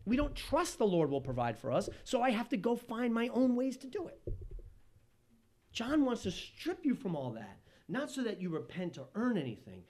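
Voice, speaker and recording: A man preaching a sermon as pastor, animated, swinging between loud emphasis and hushed tones. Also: high voice, normal speed.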